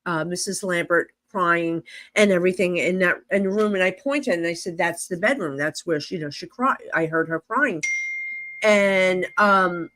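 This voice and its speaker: A middle-aged woman with a New Jersey accent, a psychic medium guest on a podcast, telling a story in an animated way, acting out dialogue and laughing often. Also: lowish voice, normal speed, no room sound.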